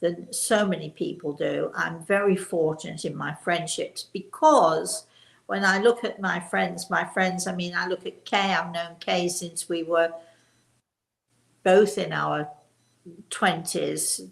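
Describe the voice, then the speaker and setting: This older woman talks in a relaxed, chatty way, hosting and teaching, and she leans hard on the words that matter. Her voice has a gravelly edge. It carries a roomy echo. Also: on the low side, takes it slowly. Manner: emphatic on key words, warm chatty restarts. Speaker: host and spiritual teacher. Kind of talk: live-stream chat and teaching.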